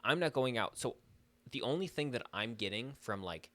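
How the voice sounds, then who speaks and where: A man's voice: mid-range voice, animated, normal speed, pushed and bright, dry recording. A young man co-hosting a podcast in casual chat, rambling and losing his train of thought. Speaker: podcast co-host.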